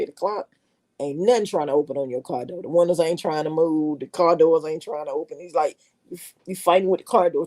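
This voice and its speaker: Middle-aged woman vlogger, warm low voice, folksy chat. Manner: chatty, affectionate, folksy. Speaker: vlogger greeting her viewers. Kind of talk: casual chat.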